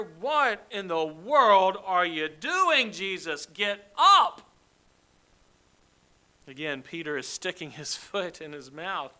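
A man's voice: fairly high pitch, bright, forceful tone. A man preaching an expository sermon, emphatic and dramatic, acting out the quoted lines with rising force. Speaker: pastor.

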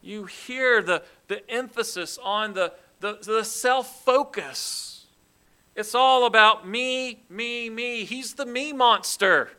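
Male preacher in a sermon: deliberate and emphatic, with a sharp, bright tone. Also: very high-pitched, smooth, rough recording. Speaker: pastor.

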